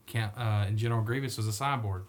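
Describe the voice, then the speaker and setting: A man's voice: on the low side, fairly even intonation, fast talker. A man hosting a podcast in casual, joking chat, laughing often and wandering into tangents. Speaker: podcast host.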